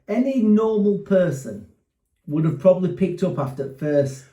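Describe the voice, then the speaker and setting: A man co-hosting a podcast, chatting and reacting in an animated way. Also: high voice, moderate pace, roomy sound, distant mic. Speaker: podcast co-host. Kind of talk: casual chat.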